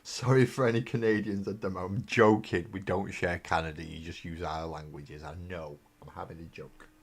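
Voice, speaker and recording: A deep-voiced English man talks loosely through a live stream while he works on models at his desk. He rambles and mocks himself, and his words often trail off into mumbles. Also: steady tone, a little fast, breathy edge. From England. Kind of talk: casual live-stream chat while building miniatures. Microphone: desk mic on a live webcam stream.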